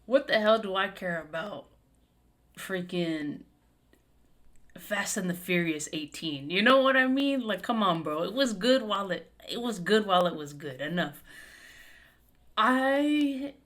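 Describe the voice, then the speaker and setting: A woman's voice: medium pitch, expressive, a little slow, fairly bright tone. A young adult woman hosting a podcast in casual chat, emphatic, swearing often and full of fillers. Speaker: podcast host.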